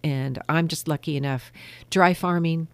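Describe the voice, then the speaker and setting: A woman's voice: sits low, steady tone, a little slow, no room sound. A woman winemaker, a guest on a casual radio interview, chatting and telling stories with easy laughter. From California. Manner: chatty, laughs easily, storytelling.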